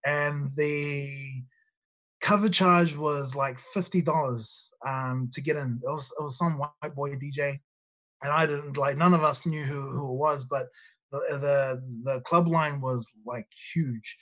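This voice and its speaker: A New man in his thirties tells nightclub stories in a casual, rambling way. He restarts sentences often and swears freely. His speaking voice sits a little high for a man. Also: steady tone, unhurried, sharp tone. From New Zealand. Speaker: podcast guest, nightclub bouncer. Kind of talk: casual storytelling.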